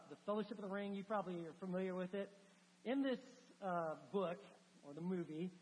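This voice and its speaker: A man preaching a sermon as pastor, telling a story with animated, conversational asides in a church. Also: high-pitched, slight background noise. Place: church sanctuary. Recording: long church reverb.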